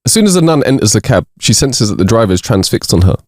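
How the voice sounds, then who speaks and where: Lively low-voiced man telling jokes. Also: fast talker, dry recording, clean studio sound. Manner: reads jokes with bursts of laughter. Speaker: podcast co-host. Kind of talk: casual chat, reading jokes aloud.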